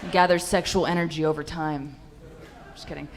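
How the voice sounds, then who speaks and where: A woman's voice: deep voice, fairly even intonation, brisk. Brash, profane young woman comedian. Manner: brash, profane, punchy delivery. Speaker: stand-up comedian. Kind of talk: stand-up set. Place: comedy club stage.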